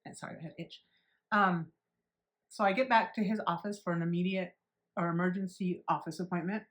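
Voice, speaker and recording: A woman's voice: fairly low pitch, fairly even intonation, brisk. A woman in her forties vlogging, telling a personal story candidly and bluntly, swearing freely and acting out what others said. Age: 40s. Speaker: beauty vlogger.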